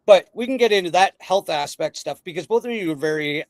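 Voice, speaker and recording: A man hosting a casual podcast chat, excitable and rambling, often breaking into laughter. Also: sits high, fairly quick, vocal fry, no echo. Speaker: podcast host.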